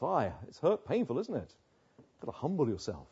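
A man's voice: a little high, sing-song, moderate pace, dark tone, husky, muffled recording. An older man preaching a sermon as pastor, earnest, often asking rhetorical tag questions.

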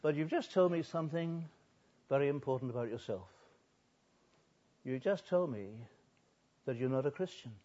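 An older man, a pastor, preaching a sermon, swinging between soft and loud and drawing out words for emphasis. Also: a little high, moderate pace, pauses often. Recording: dull lo-fi recording.

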